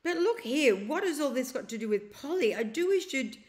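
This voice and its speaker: A woman's voice: high voice, sing-song, moderate pace, a little mellow, voice pushed up. A woman reading a storybook aloud and voicing an earnest young boy who asks urgent, pleading questions.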